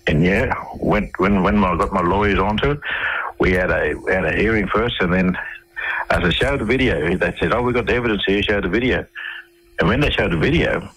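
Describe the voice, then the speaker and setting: An Australian man with a very low, husky voice tells his stories to a radio host. He rambles, stalls on fillers and starts his sentences over. The sound carries a radio broadcast quality. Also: a little fast, a bit bright, low-quality recording. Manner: rambling, with many fillers and restarts. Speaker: radio interview guest. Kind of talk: conversational storytelling.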